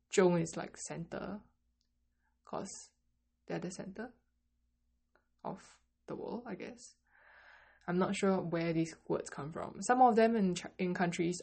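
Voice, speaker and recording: A woman teaching a Mandarin lesson, slowly modeling greetings and phrases for learners to repeat. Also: fairly low pitch, creaky, darkish tone, slightly rough. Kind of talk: language lesson.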